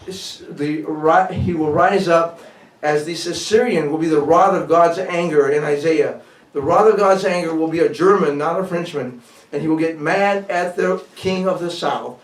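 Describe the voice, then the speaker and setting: American pastor preaching in a roomy echo. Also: male voice, fairly high pitch, far from the mic. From United States. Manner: switches between English and French, halting restarts in French. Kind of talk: bilingual prophetic sermon. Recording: echoey room, speaker away from mic.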